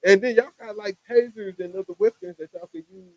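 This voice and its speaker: Lively, emphatic podcast host man. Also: very high voice, fast talker, creaky, no room sound, low-quality recording. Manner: emphatic, lots of "you know what I'm saying". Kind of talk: casual podcast chat.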